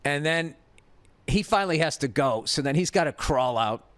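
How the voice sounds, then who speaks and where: A man's voice: on the high side, moderate pace, smooth. A middle-aged man with a Boston accent tells a story in a casual, profane rant, quoting other people as he goes. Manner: profane, ranting, animated retelling with acted quotes. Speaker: podcast host.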